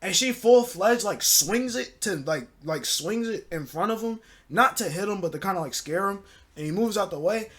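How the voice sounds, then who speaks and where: A man's voice: high voice, animated, normal speed, fairly bright tone, slightly rough. Slangy young guy telling a story. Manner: loose slang-filled talk with many fillers. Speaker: storytelling channel host. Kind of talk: casual story time narration.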